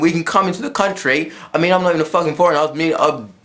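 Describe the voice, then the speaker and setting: A man's voice: a little high, racing, fairly bright tone. A man from England, ranting to camera in his room at home, swearing freely and repeating himself as he goes. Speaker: vlogger. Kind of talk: casual rant to camera.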